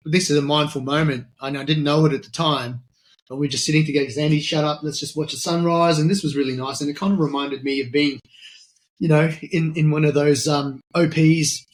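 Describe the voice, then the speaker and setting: Australian man with a higher voice. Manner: animated, acts out quoted dialogue, frequent restarts. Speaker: podcast guest, military veteran and charity founder. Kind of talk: casual storytelling in a conversation.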